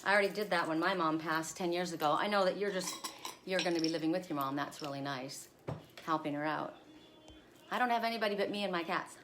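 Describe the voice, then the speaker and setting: Bright-voiced chatty woman live-streaming outdoors. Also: lowish voice, quick pace, slight background noise. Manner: chatty and rambling, talks straight to viewers. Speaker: oracle card reader hosting a live stream. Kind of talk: casual live-stream chat. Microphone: phone camera.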